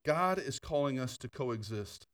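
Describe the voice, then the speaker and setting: A man preaching a sermon in a church, his voice moving in lively swings as he tells stories with laughs and asides. He sits at a middle pitch and is a little off the mic, so the sound carries some of the hall. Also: unhurried, smooth, far from the mic. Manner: animated storytelling with laughter and asides. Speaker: pastor. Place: church sanctuary.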